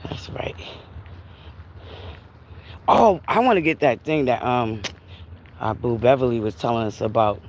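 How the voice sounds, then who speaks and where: A woman's voice: very deep voice, moderate pace, a little hiss or hum. Lady vlogging on a walk, phone mic, bouncy voice all over the place, kinda out of breath, faint cars in the back. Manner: chatty, animated, laughs often, talks to viewers as Buttercups. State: a bit winded from walking in the heat. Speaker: livestream host. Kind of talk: casual walking livestream chat. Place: outdoors on a walk by a river.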